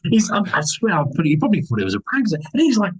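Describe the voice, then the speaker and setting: A young man, chatting casually on a podcast as a guest and telling stories with lively acted-out voices. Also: fairly high pitch, rapid-fire, husky, low-quality recording. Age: young adult. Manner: animated storytelling, acts out other people's lines. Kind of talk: casual chat.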